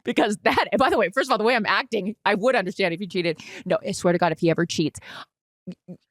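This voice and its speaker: A woman in her forties co-hosts a podcast, talking fast at medium pitch in a casual storytelling chat. She retells events in an animated, dramatic way, swearing as she goes, and the sound is close and dry with no echo.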